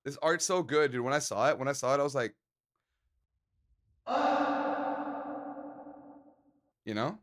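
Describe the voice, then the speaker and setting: A man's voice: medium pitch, fast, hardly any pauses, fairly bright tone. A man live-streaming and chatting casually with his viewers, joking around and laughing often.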